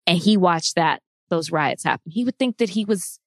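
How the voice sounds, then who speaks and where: A woman's voice: on the low side, expressive, normal speed, dry recording, studio quality. A woman co-hosting a casual discussion, speaking with passion and earnestness and laughing easily.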